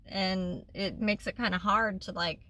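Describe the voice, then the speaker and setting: A woman talks straight to her viewers in a candid vlog. Her voice is bright and tense, and she rambles earnestly, full of ums and restarts. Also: mid-range voice, unhurried. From Oklahoma. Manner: rambling, earnest, with frequent fillers. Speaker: vlogger.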